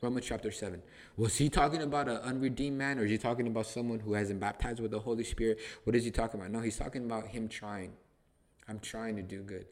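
A man's voice: on the low side, steady tone, quick pace, darkish tone. A man hosting a podcast, teaching the Bible in casual conversation, emphatic and repetitive, restarting phrases to stress them.

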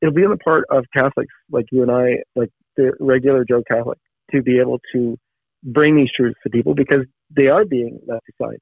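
A man's voice: medium pitch, steady tone, fairly quick, creaky, slightly rough, no echo. A man from Canada, a guest who founded a news site, talking earnestly in a casual interview with many restarts. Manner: earnest, with frequent restarts and fillers. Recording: tinny phone-like line.

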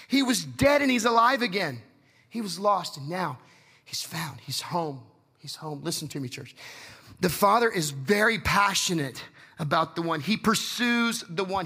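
Man, pastor, sermon, passionate, high voice, bright tone. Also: slightly rough. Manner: passionate preaching, acting out the story's voices.

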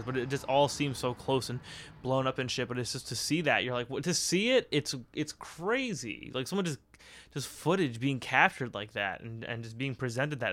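A man's voice: mid-range voice, fairly bright tone, dry recording. A man in a mid-range voice talking through a loose solo podcast monologue. He rambles, swears freely and laughs a lot along the way. The sound is dry and close, with no room around it. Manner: rambling, profane, laughs often. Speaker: podcast host.

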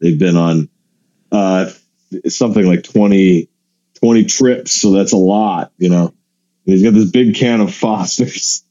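Low, dark-voiced male comedian telling stories. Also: a little slow, muffled recording. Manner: animated storyteller who acts out other people's lines. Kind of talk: casual podcast storytelling.

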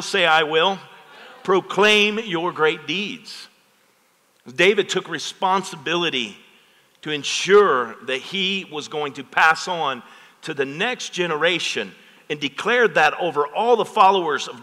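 A man's voice: a little high, bright, forceful tone. A middle-aged man preaching a sermon as pastor, talking with the congregation and asking for amens. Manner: preaches with call-and-response asides to the congregation. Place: church sanctuary. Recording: long hall reverb.

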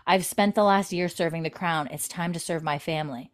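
A woman voicing a calm, resolute middle-aged frontier laird who speaks in a measured, quietly firm way. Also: on the low side, lightly acted.

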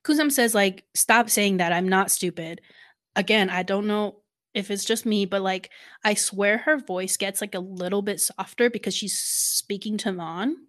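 A woman co-hosting a podcast in casual recap chat, animated, swearing freely and acting out quotes from the episode. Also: mid-range voice, moderate pace. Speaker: podcast co-host.

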